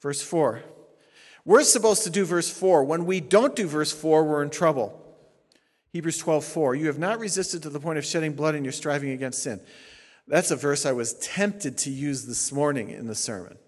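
A middle-aged man, a pastor, preaching a sermon emphatically, swinging between hushed and loud, sounding tired. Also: fairly high pitch, moderate pace. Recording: long hall reverb.

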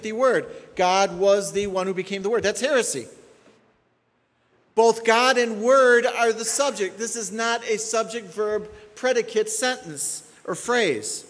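Male pastor, sermon, emphatic, repeats phrases, slightly high voice, echoing hall. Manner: emphatic, repeats key phrases, checks in with the congregation. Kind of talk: expository sermon teaching.

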